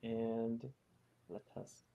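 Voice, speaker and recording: A man narrating a tabletop game as game master, with many fillers and pauses. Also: mid-range voice, monotone, muffled recording. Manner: slow, halting, lots of fillers.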